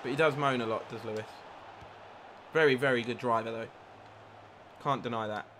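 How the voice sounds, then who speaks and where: A man live-streaming a football video game, commentating his own play, reacting loudly to chances and thanking new followers. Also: mid-range voice, normal speed, a little hiss or hum. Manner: excitable, swears at the game, reads out followers. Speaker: gaming streamer. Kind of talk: live gameplay commentary with chat.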